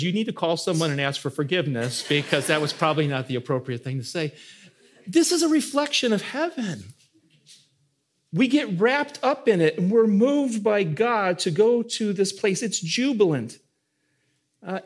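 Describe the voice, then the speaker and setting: A middle-aged man preaching a sermon as a pastor, swinging between soaring, lifted lines and hushed, intimate ones. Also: fairly high pitch.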